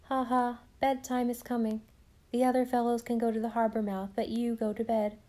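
A woman voicing an old grandfather clock in a storybook that teases a child, in a quick, hushed, sing-song way. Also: on the high side, flat delivery, lightly acted. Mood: mocking.

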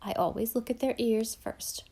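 A woman voicing a brisk, devoted elderly housekeeper who talks bluntly with old-fashioned sayings. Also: on the high side, fairly even intonation, vocal fry, warm tone, husky. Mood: emphatic.

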